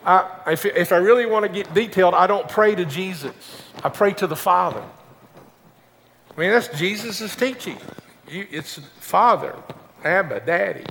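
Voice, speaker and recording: A man's voice: sits high, normal speed, gravelly, a bit bright, big-room sound, a little hiss or hum. An older man, a pastor, preaching a conversational sermon, often repeating words as he starts a thought.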